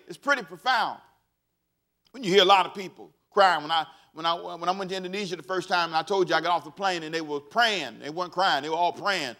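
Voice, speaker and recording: A man preaching a sermon as pastor, animated and folksy, leading the congregation in call-and-response and laughing at his own stories. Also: high-pitched, quick pace.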